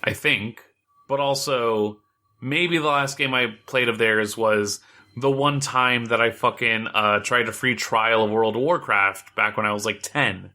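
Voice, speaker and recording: A man's voice: mid-range voice, measured pace, sharp tone. A man co-hosting a video game podcast in loose, rambling casual chat, swearing offhandedly and filling gaps with "like" and "uh". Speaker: podcast co-host.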